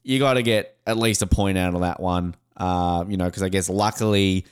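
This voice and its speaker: Man, Australian podcast host, lowish, animated, casual. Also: clean tone. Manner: animated, joking, quick asides. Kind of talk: casual sports podcast chat.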